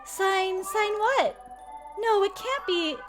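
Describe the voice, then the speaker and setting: A woman voicing a gentle female cat cafe owner in a game, talking in a soft-hearted, anxious, pleading way. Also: very high-pitched, slow pace, over music, pitched above the performer's own voice. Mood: hurt.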